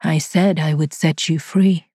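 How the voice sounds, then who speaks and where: A woman doing a soft-spoken male cyborg master. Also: sits low, fairly even intonation, breathy edge, dry recording, clean studio sound. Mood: gentle. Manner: soft, gentle, measured delivery. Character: calm, controlling male cyborg master and maker. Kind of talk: audiobook dialogue read by a narrator.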